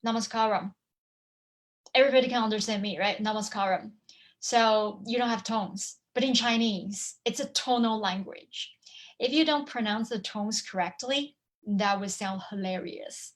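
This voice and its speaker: A woman teaching over a video call, lively and hands-on, humming examples and quizzing her listeners as she goes. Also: fairly high pitch, moderate pace. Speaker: language teacher and online course presenter. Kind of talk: live webinar talk with demonstration.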